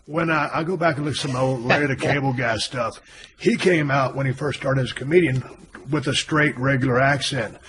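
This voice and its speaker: In this laid-back interview chat, a former wrestler turned podcast host spins easygoing stories. He speaks briskly in a mid-range voice with fairly even intonation, over some background noise.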